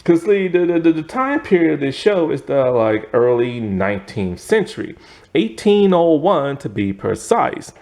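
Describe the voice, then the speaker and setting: A man giving a casual spoken video review of a TV series, rambling, filling pauses with fillers and laughing often. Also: on the high side, big pitch swings, darkish tone.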